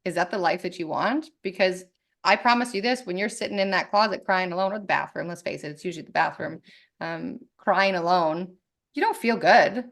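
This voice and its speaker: Gravelly, candid woman guest. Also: on the low side, fairly quick. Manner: candid, animated, swears freely. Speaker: podcast guest. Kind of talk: casual conversation.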